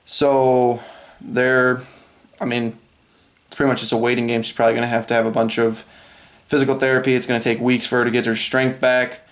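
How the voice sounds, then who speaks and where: A man's voice: medium pitch, level tone, a little fast. Young man vlogging, telling a story. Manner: rambling, retelling a phone call and quoting others. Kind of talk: casual vlog storytelling.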